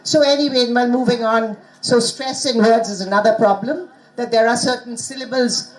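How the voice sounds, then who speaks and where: A woman's voice: a little high, steady tone, low-quality recording. Woman drilling word stress. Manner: coaxing, drills audience with quick prompts. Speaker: conference speaker teaching pronunciation. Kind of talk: interactive pronunciation lesson. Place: conference hall.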